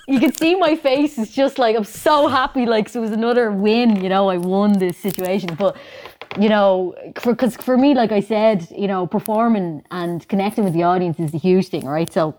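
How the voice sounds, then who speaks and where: A woman with an Irish accent telling a story casually, animated and chatty, full of "like" and "you know.". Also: medium pitch, moderate pace. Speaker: singer telling a story as a guest. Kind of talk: casual anecdote in conversation.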